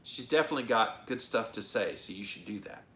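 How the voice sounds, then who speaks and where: A man's voice: fairly low pitch, animated, fairly quick, a bit bright, a little hiss or hum. A middle-aged man hosting a live-stream show, chatting casually and emphatically while he reads viewer comments aloud. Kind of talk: casual livestream chat reading comments. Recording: echoey room.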